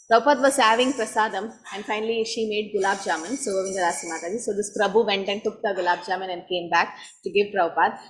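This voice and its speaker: A woman's voice: mid-range voice, slight background noise, low-quality recording. Woman telling devotional stories in class. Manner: animated storytelling, acting out quoted voices. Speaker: speaker giving a scripture class. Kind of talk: storytelling sermon.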